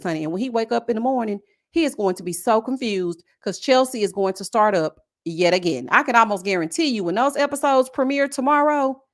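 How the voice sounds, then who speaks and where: Woman, reality recap host, sassy and chatty, fairly high voice, casual livestream talk. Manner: chatty, sassy, reads viewer comments aloud; acts out the cast's lines in exaggerated whiny voices.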